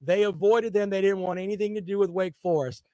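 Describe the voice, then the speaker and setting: A man's voice: high-pitched, fairly even intonation, fairly quick, mellow, no echo. A man co-hosting a sports talk show, teasing his co-host in rowdy, joking banter. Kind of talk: casual sports chat.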